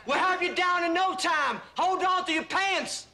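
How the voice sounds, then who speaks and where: A blunt ride operator. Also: male voice, extremely high pitch, unhurried, full character voice. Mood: flustered. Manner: blunt, deadpan. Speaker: actor in a sitcom. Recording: noisy old TV audio, from far off.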